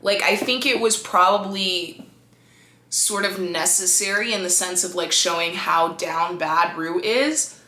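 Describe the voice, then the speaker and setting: A young woman chatting casually to camera about a TV episode, animated and slangy. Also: on the low side, a little slow, echoey room. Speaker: video creator reviewing a TV episode.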